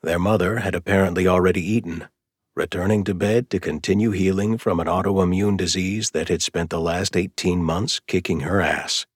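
A man narrating an audiobook in a measured, even storytelling voice, close to the mic. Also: deep voice, breathy edge, no room sound. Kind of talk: scripted narration.

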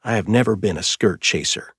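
A man's voice: a little fast, breathy edge, no echo, studio quality. A man voicing a glum, defensive young man who grumbles and sputters back at his brother. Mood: grumbling. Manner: sulky and sputtering, voice pushed higher.

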